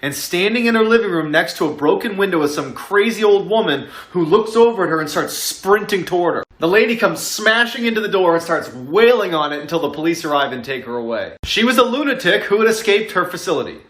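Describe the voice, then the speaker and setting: A man narrating a creepy true story in a measured, suspenseful way. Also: sits high, lively intonation, a bit bright. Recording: echoey room.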